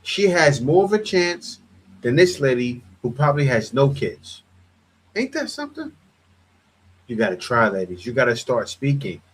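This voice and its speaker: Husky-voiced man giving blunt commentary. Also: mid-range voice, moderate pace. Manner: blunt, animated, repeats words. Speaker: commentary host. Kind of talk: casual reaction commentary.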